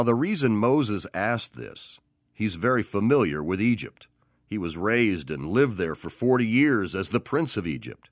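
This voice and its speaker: A man's voice: lowish voice, dry recording, studio quality. A man preaching a sermon, who tells the story with animation and acts out the voices of the people in it.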